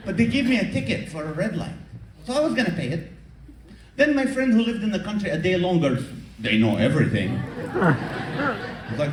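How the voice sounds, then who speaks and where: Animated high-voiced comedian in echoey hall. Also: male voice, unhurried, long pauses, far from the mic, slight background noise. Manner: animated, acts out characters and crowd work. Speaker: stand-up comedian. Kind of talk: stand-up comedy set. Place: comedy show venue with audience. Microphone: far camera recording from audience.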